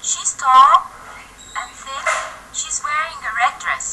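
A very high, bright little child's voice, lost and searching for mom, as a woman puts it on. The speech is slow and lively, and it is heard from a CD played at a distance in a classroom. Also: full character voice. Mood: pleading.

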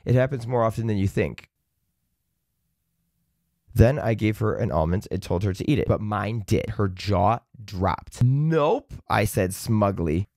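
A man hosting a comedy channel, reading Reddit posts aloud with sardonic, profane, deadpan asides. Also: lowish voice, moderate pace, gravelly, long pauses, dry recording, clean studio sound. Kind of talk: sarcastic comedic commentary.

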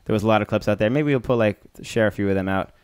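A young man co-hosting a podcast in a relaxed, casual way, running through shout-outs and giveaways. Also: fairly low pitch, rapid-fire, smooth, no room sound, clean studio sound. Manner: relaxed, runs the segments and giveaways. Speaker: podcast co-host.

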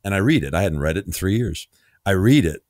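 A man hosting a podcast interview, telling a personal story in a lively way, acting out the dialogue and laughing easily. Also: sits low, a little fast, no room sound, studio quality. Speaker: podcast host.

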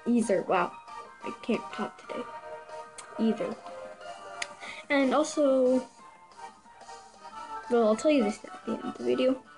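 An excitable woman chats her way through a reaction video in a fairly high voice, tripping over names and laughing at her own slips. Clear music plays steadily behind her. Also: measured pace, long pauses, low-quality recording. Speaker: video creator. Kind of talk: casual reaction commentary.

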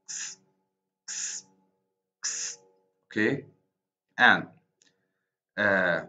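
A man with an Arabic accent giving a recorded university lecture on poetry, speaking haltingly and correcting himself often. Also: fairly low pitch, lively intonation, pushed and bright. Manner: slow, halting, many restarts and self-corrections. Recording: dull lo-fi recording.

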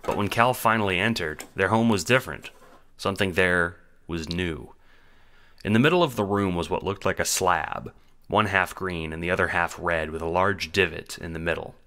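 A man reading the narration of an audio drama in a measured storytelling manner. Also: low-pitched, bright, forceful tone.

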